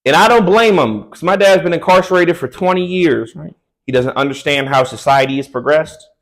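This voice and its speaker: A man's voice: fairly high pitch, lively intonation, brisk, poor audio. A young man performing a stand-up comedy set on a club stage, telling crude, loose stories with slangy asides.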